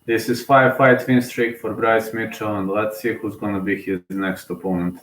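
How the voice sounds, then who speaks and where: A man's voice: on the low side, flat delivery, normal speed, fairly bright tone, roomy sound. A man giving casual live fight commentary, emotional and hesitant as he thinks aloud. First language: Serbian.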